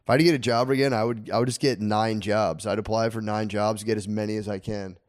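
A man in his thirties co-hosting a podcast in casual chat, laid-back, profane and joking, often slipping into quick put-on voices. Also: on the low side, fairly even intonation, dry recording, studio quality. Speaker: podcast co-host.

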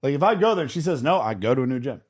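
A man's voice: mid-range voice, sing-song, very fast, breathy edge. Rambling man in casual podcast chat. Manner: rambling, slangy. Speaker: podcast co-host.

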